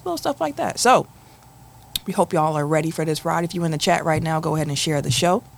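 A woman's voice: deep voice, quick pace, creaky, slight background noise. A woman co-hosting a casual sports podcast, drawling and addressing listeners as y'all. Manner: relaxed, drawling, talks to the audience as "y'all". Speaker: podcast co-host.

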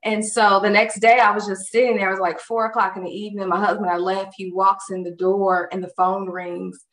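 A woman recounts a personal experience in a casual, conversational story full of fillers, animatedly acting out other people's quoted words. Her voice is mid-range and a little fast, and the recording sounds distant and roomy.

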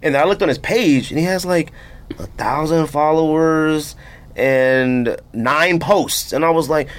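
A man co-hosting a casual podcast, ranting in an animated way with lots of filler words. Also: fairly high pitch, measured pace. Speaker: podcast co-host.

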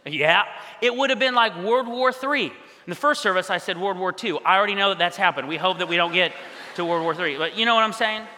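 A male pastor telling a story in a sermon, animated, acting out quoted voices. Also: sits high, fairly quick. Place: church hall. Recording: long hall reverb.

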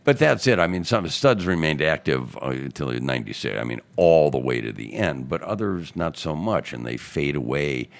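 Gravelly, deep-voiced older man spinning stories. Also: normal speed, few pauses. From Chicago. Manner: animated anecdotes, acting out quotes in other voices. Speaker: newspaperman and radio host, podcast guest. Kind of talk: casual storytelling interview. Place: podcast studio booth.

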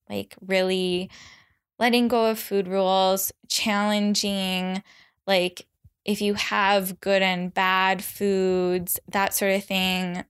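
Chatty woman podcast host, smooth voice. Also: fairly bright tone. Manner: chatty, lots of "like", acts out quotes in a high voice. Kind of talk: solo podcast chat.

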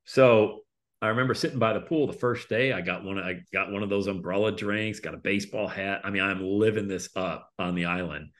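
A middle-aged man telling his story in a casual interview, animated and acting out other people's voices. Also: low voice, fairly quick. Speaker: guest speaker and coach.

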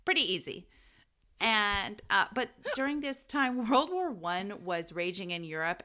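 Bright-voiced woman telling history casually. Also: lowish voice. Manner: laughs often, swears, animated storytelling. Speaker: podcast co-host. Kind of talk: casual history podcast chat.

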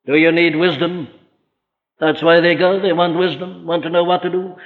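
A man preaching a sermon, emphatic and rhetorical, slowing down to quote scripture. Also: fairly high pitch, level tone. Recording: old lo-fi recording in a reverberant hall.

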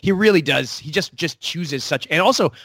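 A man who writes comic books, talking casually in an interview, animated and full of quick restarts and acted-out quotes. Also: fairly high pitch, dry recording.

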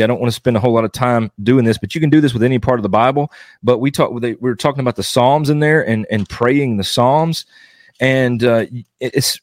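A man's voice: mid-range voice, no echo, clean studio sound. A man giving earnest devotional teaching as a Baptist preacher, exhorting his listeners and driving points home with repetition.

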